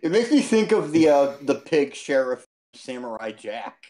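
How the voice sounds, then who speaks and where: A co-host chatting and telling stories casually on a stream, animated and quick to laugh. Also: mid-range voice. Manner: animated storyteller, laughs easily.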